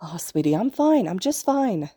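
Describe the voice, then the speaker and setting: A woman voicing a gentle, loving mother in a storybook reading, soft and cooing. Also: mid-range voice, expressive, quick pace, dry recording, clean studio sound, close to an everyday voice.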